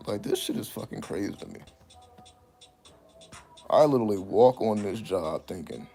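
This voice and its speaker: A man telling stories in a casual, profane monologue, breaking into high laughing exclamations. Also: sing-song, moderate pace, vocal fry, darkish tone, soft background music. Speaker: channel host.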